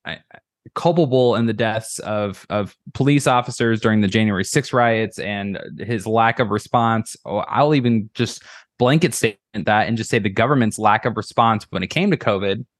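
A man's voice: fairly low pitch, normal speed, no room sound, clean studio sound. A man speaking as a guest on a podcast in casual chat, earnest and rambling, swearing and restarting his sentences.

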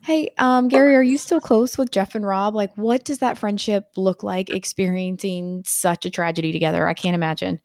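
A woman's voice: medium pitch, fairly even intonation, normal speed, hardly any pauses, darkish tone, dry recording, clean studio sound. Effusive woman hosting a talk show. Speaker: podcast host. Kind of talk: casual conversation.

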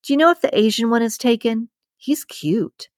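A woman's voice: fairly high pitch, animated, normal speed, no echo, studio quality, voice pushed up, lightly acted. A woman putting on a brash, sassy young waitress. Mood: scheming. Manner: sassy, teasing, sarcastic.

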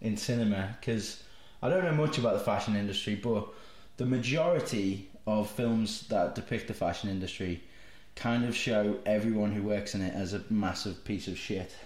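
A man's voice: on the low side, normal speed, hardly any pauses, a little mellow. A man hosting a movie podcast, casual and jokey, laughing often. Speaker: podcast host. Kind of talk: casual comedic chat. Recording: roomy echo.

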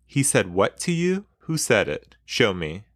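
Man reading as a protective young mother, fierce, low voice, dry close sound. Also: expressive, moderate pace, a bit bright, dry recording. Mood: angry. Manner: reads her lines in his own low voice.

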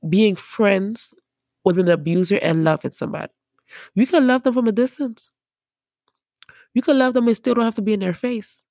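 A woman preacher talks through scripture in a conversational, emphatic way, with her pitch in a middle range. The sound is dry and close, with no room behind it. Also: gravelly, a little mellow, husky, dry recording. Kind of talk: casual Bible teaching.

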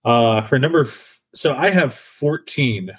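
A man's voice: medium pitch, animated, a little slow, breathy edge. A man hosting a casual podcast chat, talking with frequent restarts and hesitations. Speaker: podcast host.

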